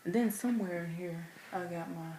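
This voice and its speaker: A young woman telling a story to camera in a casual, animated way, acting out quotes in squealing voices. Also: fairly low pitch, a little fast, recorded from a distance. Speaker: vlogger. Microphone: camera mic from a distance. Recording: roomy, off-mic, faint hiss.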